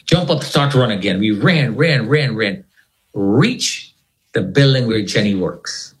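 A man's voice: lowish voice, lively intonation, measured pace, poor audio. A man telling a gripping personal story as an interview guest, retelling it dramatically and repeating words for effect. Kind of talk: animated spoken storytelling.

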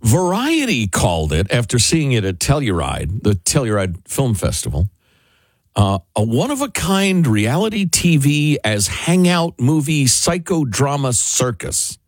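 Husky, lively radio co-host man. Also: mid-range voice, measured pace, dry recording. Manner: animated, laughs while mocking. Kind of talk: casual talk radio banter.

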